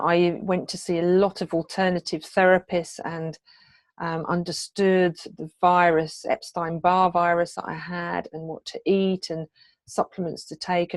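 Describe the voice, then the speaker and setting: A woman's voice: fairly low pitch, no echo. Earnest middle-aged woman, hypnotherapy coach. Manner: earnest and heartfelt, with frequent hesitations. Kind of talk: personal testimony in a coaching video.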